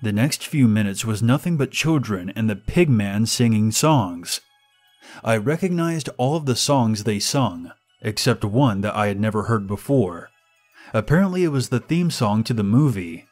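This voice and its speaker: A man with a low voice reads a horror story at a measured, deliberate pace. Faint music plays under his narration. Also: expressive, a little mellow.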